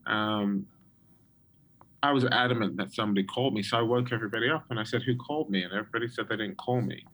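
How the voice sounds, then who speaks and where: Man telling a testimony, fairly low voice. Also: steady tone, quick pace, a bit bright, low-quality recording. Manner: storytelling with frequent ums and restarts. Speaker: guest prophet. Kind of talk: personal testimony in an interview.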